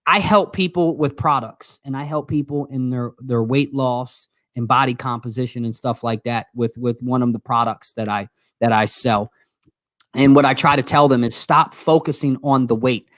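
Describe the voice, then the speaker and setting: A man's voice: medium pitch, moderate pace, fairly bright tone, no echo, clean studio sound. A man co-hosting a casual livestream, teasing his co-host, interrupting, and joking.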